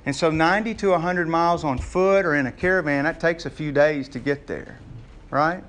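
High-voiced folksy preacher man. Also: moderate pace, fairly bright tone. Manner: folksy and conversational, joking with the congregation. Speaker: pastor. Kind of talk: sermon.

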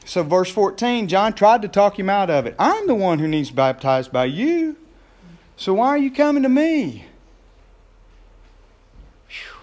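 Pastor, male, slightly high voice, casual preaching that surges into excited shouting. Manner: conversational preaching, grows loud and excited when acting out scenes. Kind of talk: sermon.

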